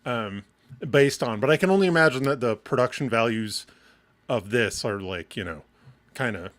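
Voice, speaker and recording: Excitable swearing man on a wired mic. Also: mid-range voice, moderate pace. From Michigan. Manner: excitable, swears freely, laughs often. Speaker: co-host. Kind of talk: casual live show banter. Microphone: wired mic on a short cord.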